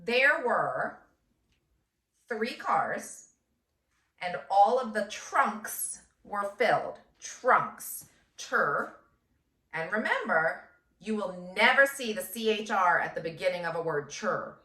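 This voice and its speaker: A first grade teacher woman dictating a phonics lesson, sounding out words slowly and clearly syllable by syllable. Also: medium pitch, very animated, pushed and bright. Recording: echoey room, voice from a distance.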